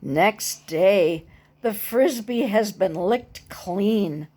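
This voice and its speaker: Picture-book reader: a gentle woman, very slow, mid-pitched. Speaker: storybook reader. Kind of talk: reading a picture book aloud with comments.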